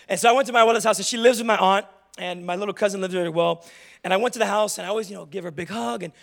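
A young man preaching in church at a quick clip, his voice sitting high and catching into a gravelly fry at the ends of phrases. He mixes humor and self-deprecating confessions into the sermon, speaking like someone telling stories to friends. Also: fairly even intonation, a bit bright. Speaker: pastor.

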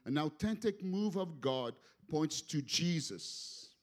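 Guy preaching in a church, fired up, repeats himself, voice sits a bit high. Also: slow pace. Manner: passionate, animated, repeats words. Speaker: guest preacher. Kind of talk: sermon. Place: church sanctuary.

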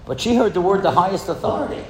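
A man giving a storytelling speech in a school hall, lively and asking the audience questions. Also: high voice, quick pace, slight background noise. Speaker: speaker addressing a school audience. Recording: echoey hall with long reverb.

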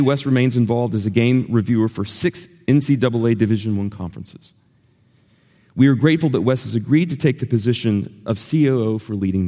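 A man gives a measured, earnest introduction of a guest speaker from the front of a large church. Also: medium pitch, warm tone. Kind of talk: formal introduction. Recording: long hall reverb.

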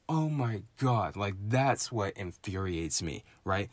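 Guy venting hard, kinda low voice, dry close sound, keeps going "right?". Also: animated, a little slow, dry recording. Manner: frustrated, emphatic, keeps asking "right?". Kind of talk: impassioned monologue.

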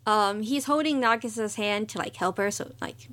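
A young woman co-hosting a podcast, speaking at a medium pitch. She is chatty and easygoing, and she walks through episode scenes in a relaxed, conversational way. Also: moderate pace. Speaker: podcast co-host. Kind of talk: casual anime recap chat.

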